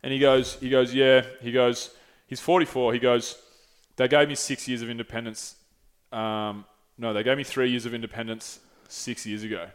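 A man's voice: medium pitch, level tone, moderate pace, hardly any pauses, smooth. A young man, hosting a casual chat and telling a story candidly, with frequent swearing and restarts. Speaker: podcast host.

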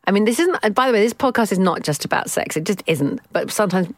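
A woman in her forties tells stories on a podcast in a chatty, self-mocking way and laughs easily. She speaks at a middling pitch. The mic is close and the sound is dry. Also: animated, fast talker, no echo. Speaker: podcast co-host. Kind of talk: casual chat.

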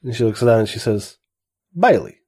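A man's voice: medium pitch, fairly even intonation, moderate pace, darkish tone. A man narrating a tabletop game as game master, loose and full of fillers.

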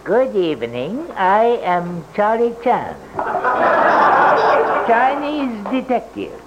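Slow proverb-spouting radio sleuth with a stage accent, high and lilting; dull, hissy broadcast. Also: male voice, sing-song, exaggerated voice. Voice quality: slow, measured, proverb-like delivery. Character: slow sage-quoting male detective with a stage accent. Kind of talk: 1980s live radio comedy sketch.

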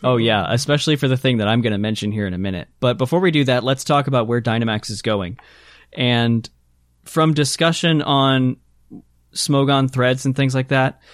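A man leads a relaxed gaming podcast with eager, long-winded explanations. His mid-pitched voice is recorded dry, with no room sound around it. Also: smooth, dry recording. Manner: enthusiastic, explains at length. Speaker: podcast host. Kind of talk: casual gaming podcast chat.

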